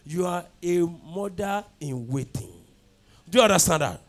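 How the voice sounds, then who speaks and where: A man's voice: sits high, animated, unhurried. A man preaching a fervent sermon, leading chanted prayers with call and response in church. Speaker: pastor. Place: church at a night prayer service.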